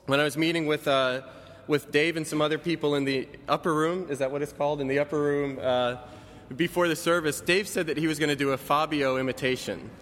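A man's voice: a little high, steady tone, brisk, fairly bright tone, slight background noise. A man in his thirties, a pastor giving a sermon in a church, talking conversationally, lightly joking and often correcting himself. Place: church sanctuary. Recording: reverberant church hall.

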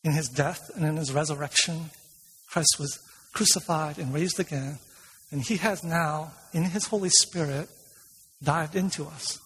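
A male pastor preaching a sermon in a church, asking the congregation questions and telling stories in a lively way. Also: fairly high pitch, unhurried, breathy edge. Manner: retells a film scene with lively storytelling. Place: church sanctuary. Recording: long reverb of a large hall.

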